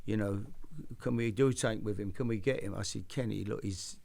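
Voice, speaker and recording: A man's voice: lowish voice, fairly even intonation, brisk, vocal fry, a little mellow. An older man hosting a chat show, telling stories in a rambling way with many restarts. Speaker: host. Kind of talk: casual storytelling chat.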